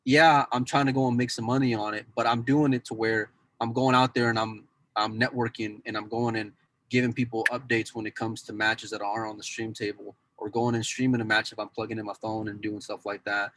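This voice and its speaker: Male podcast regular, deeper voice, loose rambling chat with lots of self-corrections. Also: little pitch movement, a little fast, fairly bright tone, low-quality recording. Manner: rambling, repeats "go and", many restarts. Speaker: pool news insider and cue dealer.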